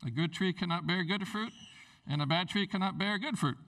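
Animated male preacher, gravelly and bright. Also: a little fast, distant mic, poor audio. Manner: animated, rambling, jumps pitch for emphasis. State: tired. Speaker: pastor. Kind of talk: sermon.

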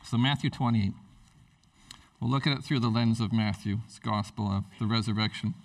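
A man preaching an animated, conversational sermon as pastor at a church service, acting out everyday scenes as he goes. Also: on the low side, normal speed, creaky, recorded from a distance.

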